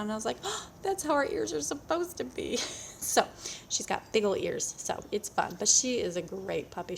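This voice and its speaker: A woman's voice: lowish voice, vocal fry, slight background noise. A woman in her thirties chatting casually to the camera at home, rambling along with many fillers. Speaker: vlogger, mother of a large family.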